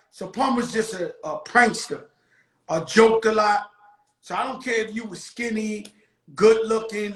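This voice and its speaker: A man hosting a show, telling a casual, animated story full of profanity with bursts of shouting. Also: high-pitched. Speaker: show host. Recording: roomy echo.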